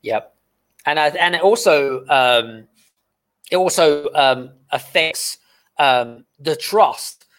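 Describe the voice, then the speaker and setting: A man hosting a podcast interview, talking in a relaxed, affirming way with drawn-out pauses. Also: on the high side. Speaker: podcast host. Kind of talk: casual conversational interview.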